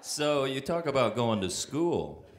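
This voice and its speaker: Guy with a low voice spinning loose stories about writing songs, keeps saying uh and you know. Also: normal speed, a crowd in the background. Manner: rambling, with frequent fillers and restarts, breaks into laughter. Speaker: songwriter telling stories on stage. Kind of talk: casual anecdotal storytelling.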